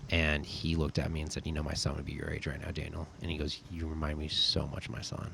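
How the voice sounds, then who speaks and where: Deep-voiced, fast-talking young man. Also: completely flat delivery, vocal fry, pushed and bright, a little hiss or hum. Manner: laid-back, says "dude" and "like" a lot. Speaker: podcast guest, army sergeant. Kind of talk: casual storytelling chat.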